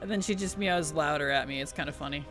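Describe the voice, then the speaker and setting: A man streaming a video game, chatting in a playful, giggly and animated way. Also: on the high side, quick pace, over music. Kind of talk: casual gaming stream chat.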